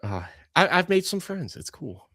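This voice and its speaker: A young man co-hosts a podcast in a casual chat, rambling, ranting and wandering off on tangents. His voice sits high and sounds very animated and sharp, at a moderate pace. The studio recording is clean with no echo.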